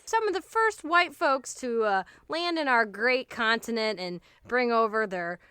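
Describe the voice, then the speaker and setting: Bright-voiced joking woman podcast host. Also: a little high, expressive, measured pace, smooth, no echo. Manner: playful, jokey, laughs often, swears freely. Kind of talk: casual comedic podcast chat.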